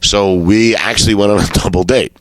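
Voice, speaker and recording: Low-voiced man telling comic stories. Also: fairly even intonation, a little fast, no room sound. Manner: swearing storyteller who acts out quotes. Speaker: comedian guest. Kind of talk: casual anecdote telling.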